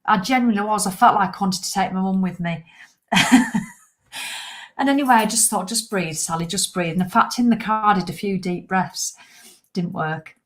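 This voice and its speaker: A woman's voice: mid-range voice, normal speed, a bit bright. A woman in her fifties chatting live to viewers, rambling, self-mocking and swearing for comic effect. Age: 50s. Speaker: livestream host. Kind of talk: casual live chat to viewers.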